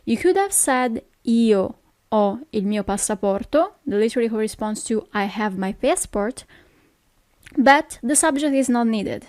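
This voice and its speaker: A woman with an Italian accent, teaching phrases in a patient lesson, saying each one slowly and repeating it. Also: fairly high pitch, dry recording, studio quality. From Italy.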